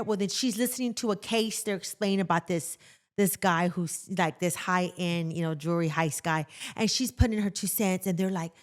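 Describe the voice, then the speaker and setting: Animated woman telling stories. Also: mid-range voice. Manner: animated storytelling, acts out quotes loudly. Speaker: podcast co-host, jail nurse. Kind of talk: casual chat.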